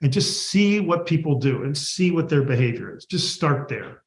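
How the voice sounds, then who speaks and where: A man's voice: on the high side, expressive, moderate pace. A man, a guest author, answering an interview and animatedly acting out workplace dialogue. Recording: echoey room.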